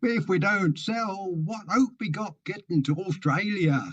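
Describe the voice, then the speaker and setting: A man's voice: high-pitched, a little slow, highs cut off. A man playing Job, an 1850s Cornish fisherman, in a broad Cornish accent with old-fashioned dialect. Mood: earnest.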